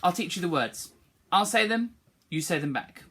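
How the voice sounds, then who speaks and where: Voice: mid-range voice, animated, normal speed, a bit bright, slightly rough. A music teacher leading an online singing lesson for schoolchildren, encouraging and demonstrating phrases for the class to repeat.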